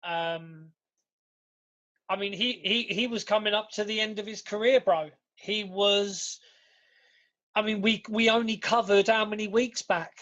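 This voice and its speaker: A man's voice: high-pitched, steady tone, unhurried, fairly bright tone. A man co-hosting a podcast, chatting casually, swearing a lot and restarting his sentences. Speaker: podcast co-host. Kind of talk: casual chat. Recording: dull lo-fi podcast audio.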